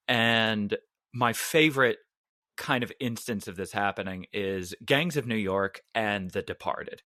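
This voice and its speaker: A man co-hosting a podcast, bantering in casual chat with quick jokes. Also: fairly low pitch, pushed and bright, no echo, clean studio sound. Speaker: podcast co-host.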